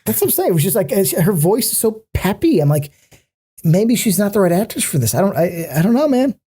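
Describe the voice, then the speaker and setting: A man co-hosting a casual podcast, picking apart what annoys him with plenty of swearing. His voice is dark and mellow, and he keeps stumbling into restarts as he rants. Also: sits high, big pitch swings, husky. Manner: critical, ranting, swears freely; halting, many restarts. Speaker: podcast co-host. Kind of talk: casual chat.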